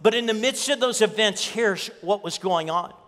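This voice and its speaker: A man's voice: high-pitched, moderate pace, a bit bright, long reverb tail. A man preaching a sermon as pastor, telling a story and repeating key lines for emphasis. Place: church.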